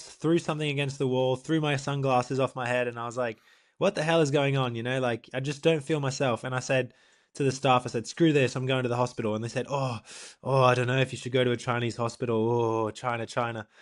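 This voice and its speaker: A young man, a professional triathlete, co-hosting a podcast and telling a story in a lively, animated way, acting out what people said. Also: medium pitch, fairly quick. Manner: animated storyteller, acts out quotes, laughs often. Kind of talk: casual storytelling chat.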